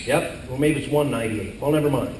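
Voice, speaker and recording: An older man performing a corny comedy slide show for a live audience, narrating and yelling out quoted lines. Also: medium pitch, a little fast, slight background noise. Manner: corny storytelling with exaggerated yelled quotes. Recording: echoey live hall from far off with audience.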